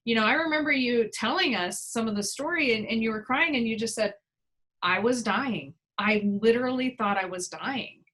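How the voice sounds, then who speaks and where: A woman's voice: fairly high pitch, moderate pace. Heartfelt woman podcast host. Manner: warm, heartfelt. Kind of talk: casual interview chat.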